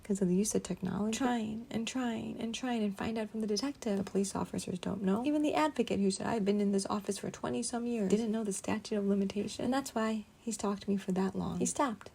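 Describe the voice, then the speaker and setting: Woman, earnest personal vlog monologue, gravelly low register, swings from hushed to loud. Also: fast. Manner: earnest, shifts between hushed asides and loud bursts. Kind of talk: emotional personal recounting.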